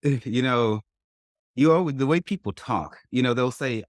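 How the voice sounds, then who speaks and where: A man's voice: mid-range voice, moderate pace, no echo, studio quality. A man hosting a podcast, talking in a blunt, crude and opinionated way. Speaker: podcast host. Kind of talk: casual podcast chat.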